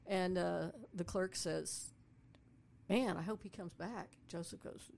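A woman's voice: fairly low pitch, slow, vocal fry. A woman telling a story casually, a tour guide who acts out the voices of the people in it. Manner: animated, acts out voices of people in her stories.

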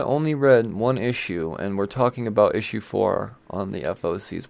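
A man's voice: lowish voice, moderate pace, gravelly, few pauses, no echo. A man hosting a casual, rambling commentary on new comics, chatty and irreverent, with swearing and asides. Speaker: comic book video host.

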